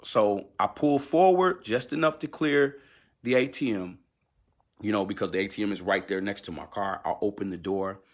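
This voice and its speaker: Brief: male gospel singer, lowish voice, candid livestream account, animated, halting and full of fillers.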